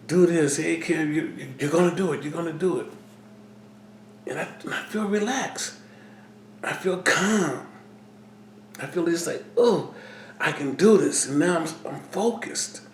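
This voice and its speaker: A middle-aged man talking earnestly in a personal vlog, halting and repeating himself as he speaks. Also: fairly high pitch, a little mellow, reverberant, a little hiss or hum. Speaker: vlogger. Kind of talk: personal vlog talk to camera.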